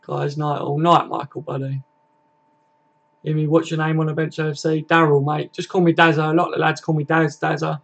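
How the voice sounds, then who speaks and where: A gravelly young livestream host chats from his home computer setup in a fairly high, level voice at a brisk pace. He's matey and chatty, swears often, and reads the chat aloud.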